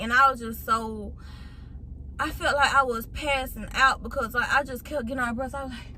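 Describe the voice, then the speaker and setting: A young woman in her late teens, a vlogger chatting straight to her viewers through a phone mic as she retells a long personal story with lively feeling. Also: high-pitched, normal speed, slight background noise. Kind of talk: casual storytime.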